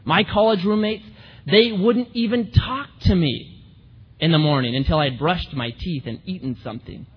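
A woman's voice: fairly low pitch, moderate pace, in a large hall, highs cut off, a little hiss or hum, natural voice. A man doing a worried young bride. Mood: anxious.

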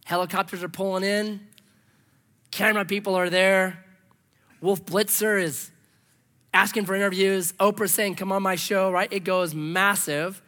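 A male pastor preaching a sermon, telling stories with acted-out dialogue and swinging from loud exclamations to hushed asides. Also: high voice, steady tone, unhurried, long pauses.

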